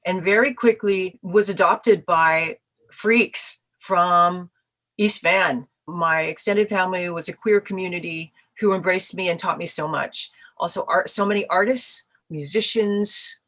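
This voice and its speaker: A middle-aged woman from Canada answering interview questions, telling stories with lively acted-out quotes. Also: on the low side, unhurried. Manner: animated storyteller, acts out quoted voices. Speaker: musician guest.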